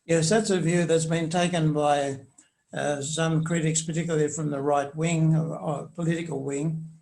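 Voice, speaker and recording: Gravelly-voiced older man, measured and hesitant. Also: on the high side, steady tone, darkish tone. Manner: measured, hesitant with frequent fillers; reads quotations aloud with emphasis. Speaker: commentator on church social teaching. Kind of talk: answering interview questions.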